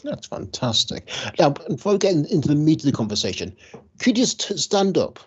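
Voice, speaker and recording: Male podcast co-host, husky and enthusiastic, lo-fi sound. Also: a little high, sing-song, brisk. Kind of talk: casual podcast chat.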